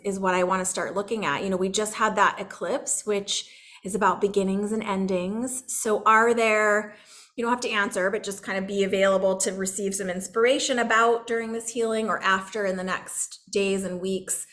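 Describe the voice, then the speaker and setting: A middle-aged woman leads a group healing session over a video call, her voice gentle and soothing. She talks in a relaxed, chatty way and laughs easily, then settles into a calm guided meditation. Her pitch sits in the middle range. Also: moderate pace. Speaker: energy healer leading a group session.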